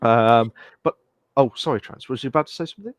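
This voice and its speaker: A man's voice: medium pitch, fast talker, dry recording. Male co-host, easygoing rambling delivery, dry close-miked sound. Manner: rambling, thanks the chat often. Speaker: podcast co-host. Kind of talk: casual chat.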